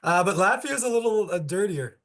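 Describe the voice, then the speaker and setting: A man's voice: high-pitched, animated, a little fast, a bit bright. A man on a casual comedy podcast, telling rambling travel stories and laughing often.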